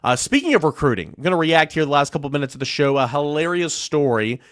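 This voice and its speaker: A man hosting a sports podcast, retelling a recruiting story in an animated way and acting out the quotes. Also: fairly high pitch, fast, no echo, studio quality. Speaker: podcast host. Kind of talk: casual sports podcast monologue.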